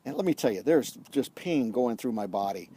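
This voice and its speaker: A middle-aged man telling a lively story in a casual vlog outdoors, acting out the dialogue as a leadership coach. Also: medium pitch, moderate pace, slightly rough. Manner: animated storyteller, acts out dialogue. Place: outdoors on a golf course.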